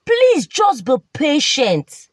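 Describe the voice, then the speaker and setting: A woman voicing a patient young husband, dropping her voice lower to speak calmly and plead. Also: slow, dry recording, full character voice. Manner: calm, pleading, consoling.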